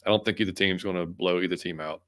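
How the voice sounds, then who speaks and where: A man's voice: sits low, steady tone, fast talker, a bit bright, smooth, no room sound. A man talking casually about his team, rambling with restarts in a laid-back way. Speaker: co-host guest. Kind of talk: casual sports chat.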